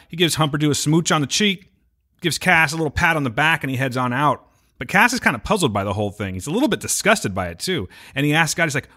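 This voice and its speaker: A man's voice: fairly high pitch, sing-song, quick pace, pushed and bright. A man co-hosting a podcast, recapping an episode in casual chat and slipping into playful character voices. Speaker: podcast co-host.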